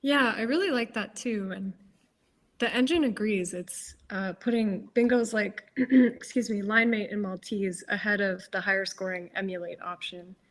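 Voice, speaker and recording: A woman giving live game commentary, explaining moves in a measured, analytical way with hesitant fillers. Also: mid-range voice. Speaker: tournament commentator.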